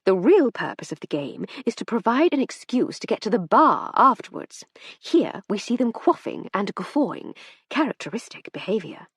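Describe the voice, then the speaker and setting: A woman's voice: mid-range voice, sing-song, moderate pace, slightly rough, dry recording, voice pushed up. A woman voicing a witty aristocratic lady in an audiobook, wry and arch. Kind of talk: audiobook character reading.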